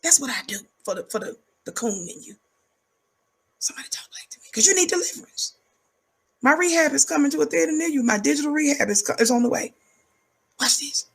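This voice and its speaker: A woman's voice: lively intonation, quick pace. A woman giving fiery preaching-style commentary, emphatic and rhythmic, repeating words for effect. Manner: calls herself high-energy.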